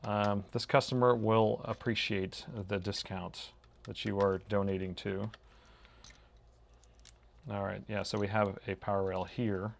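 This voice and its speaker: A man's voice: fairly low pitch, little pitch movement, a little slow, vocal fry. A middle-aged man giving live, thinking-aloud commentary as he repairs a laptop, in a laid-back drawl that tacks "man" onto his sentences. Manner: thinking aloud while measuring.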